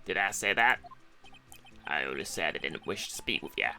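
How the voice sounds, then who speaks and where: A man doing a swaggering cowboy security guard with a put-on Western drawl, gruff and folksy. The voice drops low and rolls lazily through each phrase. It is a lively, bright game-stream character voice. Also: normal speed, soft background music, exaggerated voice.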